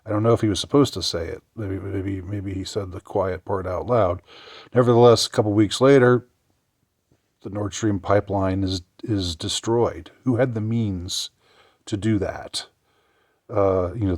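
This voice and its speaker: Male vlogger, lowish voice, dry close sound, sarcastic and halting. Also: steady tone, darkish tone, no echo. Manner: sarcastic, halting, many restarts. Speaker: commentary vlogger. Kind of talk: political commentary vlog.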